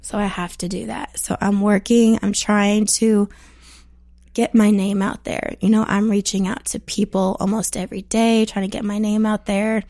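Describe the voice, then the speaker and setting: A woman in her twenties, a guest athlete chatting casually in a podcast interview with a husky, relaxed manner. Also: moderate pace, no room sound. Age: 20s. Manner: low husky voice, relaxed and modest.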